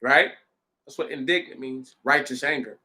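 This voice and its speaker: A man reading Bible verses aloud deliberately and stopping for lively, slangy commentary. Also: medium pitch. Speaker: Bible study podcaster. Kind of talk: scripture reading with casual commentary.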